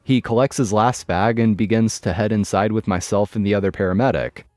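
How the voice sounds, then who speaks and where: A man's voice: fairly low pitch, fairly even intonation, brisk, a little mellow, no room sound. A man reading a first-person story in a wry, matter-of-fact scripted narration. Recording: dry close mic with music bed.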